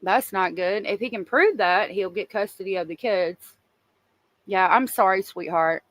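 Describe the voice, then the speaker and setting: A woman's voice: medium pitch, measured pace, fairly bright tone, no echo. Woman chatting on a dry, close livestream. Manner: chatty, emotional, talks to viewers in chat. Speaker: true crime livestream host. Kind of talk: casual livestream chat.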